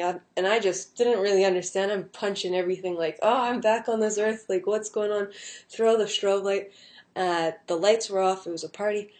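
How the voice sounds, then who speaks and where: A young adult woman casually telling a personal story at home, rambling with many fillers and restarts. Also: mid-range voice. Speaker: vlogger.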